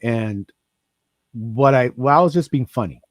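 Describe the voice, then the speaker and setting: Profane, animated man telling stories. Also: medium pitch, measured pace, no room sound. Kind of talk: casual chat.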